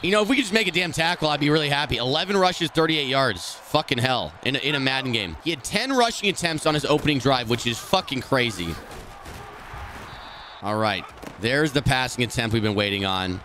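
A man streaming a football video game, talking through each play and often swearing and yelling at the game in frustration. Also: medium pitch, animated, a little fast, slight background noise. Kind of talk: live gameplay commentary.

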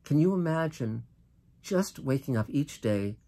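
Older American man, mid-pitched, earnest and impassioned solo monologue, restarts often. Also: lively intonation, warm tone. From United States. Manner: earnest and impassioned, with frequent restarts and drawn-out emphatic phrases. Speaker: host. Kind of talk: political monologue to camera.

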